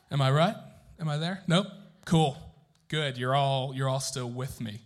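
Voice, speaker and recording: A man's voice: mid-range voice, unhurried. A young man telling a Bible story to a group in a casual, joking sermon style, asking the room questions.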